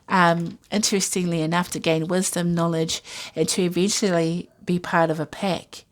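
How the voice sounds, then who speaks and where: A woman talks through a tarot spread in a loose, meandering way, full of fillers and asides. Her voice sits a little low for a woman. The style is a relaxed, intuitive reading. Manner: rambling, musing, many fillers and asides. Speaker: tarot reader.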